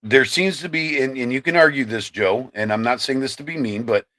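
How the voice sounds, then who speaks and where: A man's voice: mid-range voice, a little fast, pushed and bright. A man in his fifties, from Ohio, ranting on a livestream and answering his chat, often repeating and restarting words. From Ohio, USA. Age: 50s. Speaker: livestream host.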